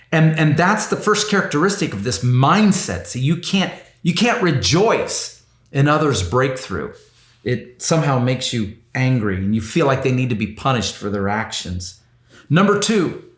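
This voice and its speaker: Man preaching a sermon, lively pitch, repetitive, echoey room. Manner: animated, repeats words and asks "see?" often.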